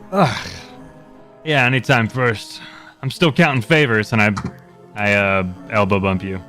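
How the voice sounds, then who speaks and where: A man playing in a casual tabletop game, animated and joking. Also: fairly low pitch, moderate pace, soft background music. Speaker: player.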